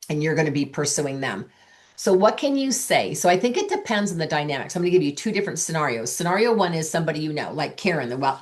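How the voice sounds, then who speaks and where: A woman with a notably deep voice talks through sales coaching in a chatty, storytelling way. She acts out the lines of the conversations she recalls. She sounds middle-aged and at ease. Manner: chatty, acts out quoted dialogue. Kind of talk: coaching talk with anecdotes.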